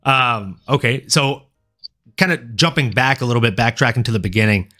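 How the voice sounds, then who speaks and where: A man's voice: medium pitch, normal speed, bright, forceful tone, faint music behind. A man hosting a casual interview podcast, agreeing easily and laughing often as he chats. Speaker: podcast host.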